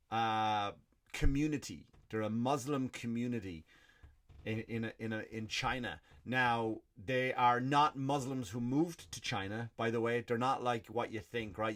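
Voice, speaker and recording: An Irish man rants through a solo comedy podcast. He swears constantly and keeps cutting in with his own questions and answers. His voice sits at an ordinary middle pitch for a man. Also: fairly bright tone. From Ireland. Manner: profane, ranting, self-answering asides. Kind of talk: stand-up style rant.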